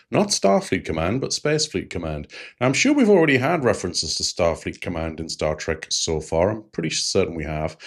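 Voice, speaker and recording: A man hosting a review channel, recapping an episode in a rambling, digressive way with frequent fillers. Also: fairly low pitch.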